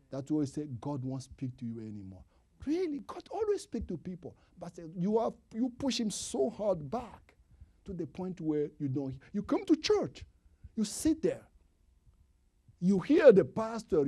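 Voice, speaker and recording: A male preacher delivering a sermon in non-native English, swinging from emphatic calls to hushed whispers and repeating lines for emphasis. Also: high-pitched, husky.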